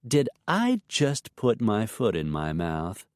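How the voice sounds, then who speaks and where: A man's voice: medium pitch, animated, takes it slowly, a little mellow, dry recording, studio quality, pitched above the performer's own voice. A man voicing a breezy, confident young woman friend who talks in a light, teasing sing-song in an audiobook.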